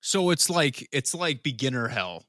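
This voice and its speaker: Bright voiced guy cohosting a podcast, goofing around, dry mic. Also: mid-range voice, a little slow, no room sound. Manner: joking, animated. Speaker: podcast co-host. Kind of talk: casual chat.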